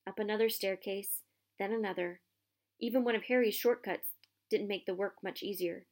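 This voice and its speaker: Reading aloud from a children's novel, this woman uses expressive storytelling. Her pitch is mid-range and her pace is ordinary.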